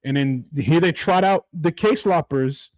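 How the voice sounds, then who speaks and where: A man's voice: on the high side, a little slow, a little mellow. A man co-hosting a casual podcast, ranting animatedly with lots of swearing and laughter. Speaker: podcast co-host. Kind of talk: casual chat.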